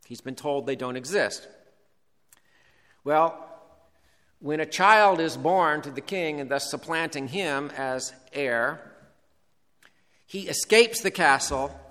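A male preacher gives a sermon slowly and deliberately, stressing key words. His voice is bright and slightly high, with the long reverb of a hall around it.

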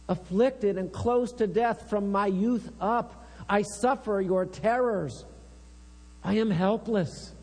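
A man's voice: sits high, a little mellow. A man giving a sermon, reading psalms aloud with earnest intensity. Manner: slow, earnest, reads psalms with rising intensity. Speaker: preacher. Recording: long reverb with mains hum.

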